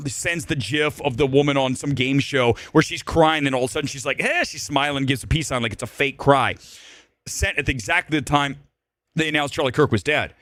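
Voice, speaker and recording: A man's voice: fairly high pitch, sharp tone, no echo. A man hosting a live movie talk stream, delivering a blunt, emphatic rant that circles back to repeat his points. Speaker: host. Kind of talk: livestream commentary rant.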